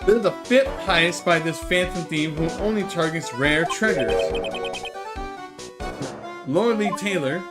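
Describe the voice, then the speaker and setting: Let's player reading all the game lines out loud, voice bouncing all over, game music going behind. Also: mid-range voice, unhurried. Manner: reads every character's lines in one animated voice and breaks off for asides. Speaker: let's play streamer. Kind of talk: reading game dialogue aloud with commentary.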